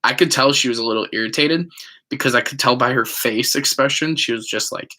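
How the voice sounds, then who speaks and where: Speaking briskly in a mid-range voice that's bright and forceful, a male vlogger recounts a personal story to the camera. His casual talk wanders, packed with ums and likes, and he acts out other people's lines.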